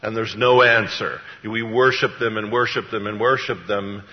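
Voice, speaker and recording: A man's voice: fairly low pitch, fairly even intonation, moderate pace. A man preaching a sermon as pastor, talking in a folksy, conversational way. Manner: conversational, folksy storytelling with acted-out voices. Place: church. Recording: dull, echoey church hall sound.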